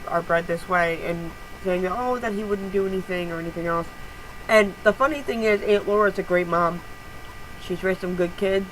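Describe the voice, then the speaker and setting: A woman's voice: on the low side, a bit bright, a little hiss or hum, poor audio. A woman vlogging to camera, telling a heated story with lots of swearing and strong emphasis. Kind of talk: casual vlog rant.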